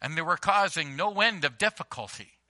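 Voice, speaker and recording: In church before the congregation, a man delivers a sermon in a slightly high, sharp voice, animated and brisk. His preaching is emphatic yet conversational, built on everyday stories and repeated phrases.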